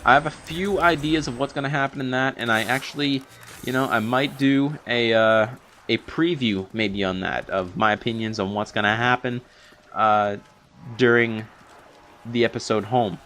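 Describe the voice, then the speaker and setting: Slight background noise accompanies a young man's mid-range, slightly bright voice at a moderate pace. He's giving a sprawling, unscripted review of a TV episode, with lots of fillers and restarts, slightly breathless after long talking.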